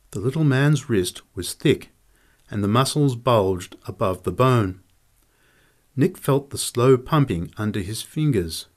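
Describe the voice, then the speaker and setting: Guy reading a short story audiobook, slow and steady, lots of ups and downs in his voice. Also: fairly low pitch. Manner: slow, lively expressive reading. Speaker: narrator.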